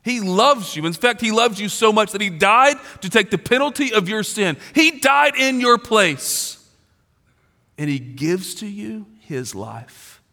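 A man in his forties preaching a sermon as a pastor, talking casually and slangily, swinging from loud emphasis to low, quiet stretches. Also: lively intonation, moderate pace, hardly any pauses. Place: large church auditorium. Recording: long reverb of a large hall.

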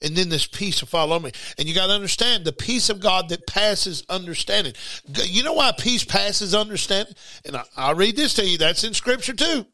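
A middle-aged man, preaching an informal broadcast sermon in an animated way, repeating words and bursting into shouts. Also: high voice, fairly quick, hardly any pauses, dry recording.

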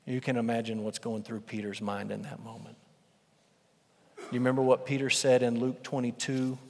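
A pastor preaching a sermon, telling the story with big swings from loud and intense to hushed and quiet. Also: male voice, mid-range voice, little pitch movement, normal speed, creaky. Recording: long hall reverb.

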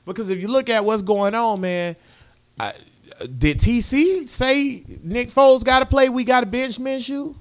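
A man's voice: extremely high pitch, measured pace. A man co-hosting a casual sports podcast, ranting in slangy talk with lots of rhetorical questions. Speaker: podcast co-host.

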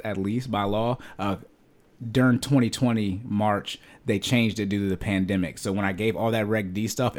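Young man, podcast co-host, low voice, laid-back joking chat, laughs a lot. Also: a little mellow. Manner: loose, joking, laughs often, restarts. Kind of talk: casual chat.

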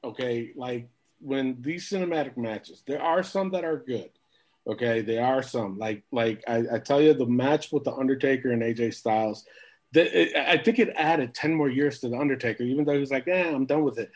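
A man co-hosting a wrestling review podcast, animated and incredulous, swearing freely as he rants. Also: mid-range voice, normal speed. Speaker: podcast co-host. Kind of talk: casual wrestling review chat.

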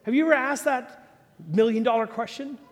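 A man preaching a sermon as pastor, animated, swinging from loud peaks to low quiet asides. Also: normal speed. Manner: animated preaching, rising to shouts then dropping low. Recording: long reverb of a large hall.

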